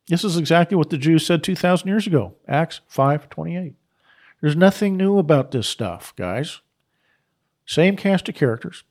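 Emphatic man preaching, somewhat high voice. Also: animated, moderate pace, darkish tone. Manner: emphatic, repeats key phrases; unscripted, with restarts and asides. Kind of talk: preaching on scripture.

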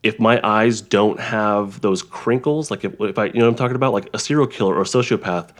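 A man who works as a therapist, explaining ideas in a halting conversational way, with frequent restarts and examples. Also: on the low side. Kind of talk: conversational interview.

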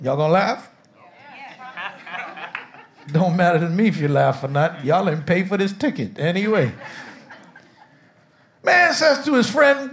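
A pastor preaching to his congregation, his voice high for a man and swinging widely up and down. He delivers the sermon at an unhurried pace, with jokes and call-and-response. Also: sing-song. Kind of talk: humorous sermon. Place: church sanctuary with congregation.

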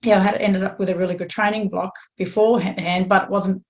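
A middle-aged Australian woman with a slightly croaky voice, chatting frankly and at length as a podcast guest. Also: medium pitch, little pitch movement, fairly quick, a little mellow. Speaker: guest runner. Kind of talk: casual chat.

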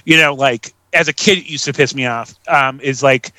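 A man's voice: medium pitch, moderate pace, sharp tone, no room sound, rough recording. A man co-hosting a podcast, chatting casually about films with lots of "like" and "uh" fillers. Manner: rambling, heavy with "like" and "uh" fillers. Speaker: podcast co-host. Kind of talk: casual chat.

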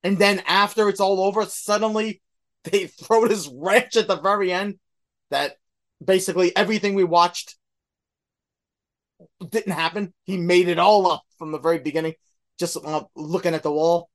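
A man's voice: high voice, steady tone, moderate pace. A man co-hosting a podcast, chatting about movies in a laid-back, hesitant way. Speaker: podcast co-host. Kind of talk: casual movie chat.

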